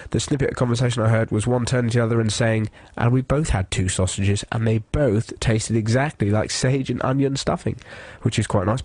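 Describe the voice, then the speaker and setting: A man's voice: mid-range voice, darkish tone, breathy edge, dry recording. A man hosting a radio show, chatting casually, laughing often and teasing his co-host. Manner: giggly, teasing.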